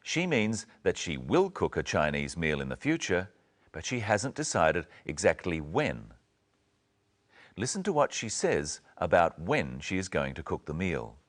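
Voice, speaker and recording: Man, very low voice, wide-ranging intonation, scripted lesson narration, slow clear teaching. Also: big pitch swings. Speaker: presenter.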